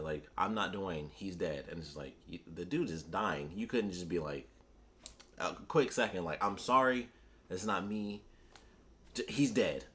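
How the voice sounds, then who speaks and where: A man chats through a comic book review in a loose, rambling way. His voice sits a little low. He gets animated and slips into the characters' lines as he retells the scenes. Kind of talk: casual solo review chat.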